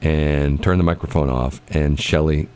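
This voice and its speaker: A man's voice: very deep voice, fairly even intonation, unhurried, a little mellow, clean tone. A man hosting a radio morning show, rambling through teasing jokes and stories in casual banter. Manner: rambling storyteller, teasing and jokey.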